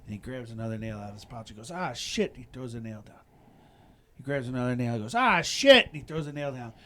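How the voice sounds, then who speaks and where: Chicago dude hosting a podcast, rambling stories, kinda middle-aged, bit of room noise. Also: male voice, mid-range voice, steady tone, fast talker, fairly bright tone. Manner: rambling storyteller, lots of "you know what I mean". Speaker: podcast host. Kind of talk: casual chat.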